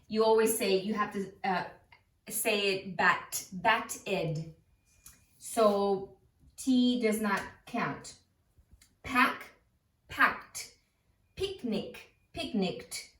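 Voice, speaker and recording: Slow-talking teacher woman in a roomy space. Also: mid-range voice, far from the mic. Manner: slow, repeats sounds to demonstrate them. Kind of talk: phonics lesson. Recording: roomy, voice from off the mic.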